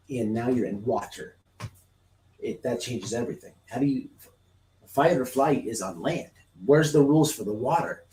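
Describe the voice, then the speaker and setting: Animated man livestreaming in an echoey room. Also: medium pitch, far from the mic, slight background noise. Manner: animated, repetitive, acts out scenes. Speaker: livestream host. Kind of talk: casual live-stream talk. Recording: roomy, off-mic sound.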